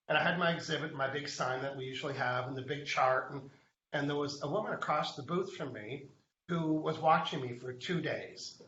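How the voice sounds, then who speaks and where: A man hosts a live show and tells a chatty story straight to the viewers. His voice is bright and forceful. The sound is roomy and a little dull. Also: fairly high pitch, a little hiss or hum. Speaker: host. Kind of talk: live online show chat.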